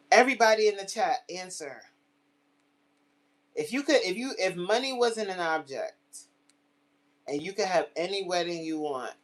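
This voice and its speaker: A middle-aged woman hosting a casual livestream chat, chatty and animated, often laughing and teary-eyed. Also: sits low. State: tearing up. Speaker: livestream host.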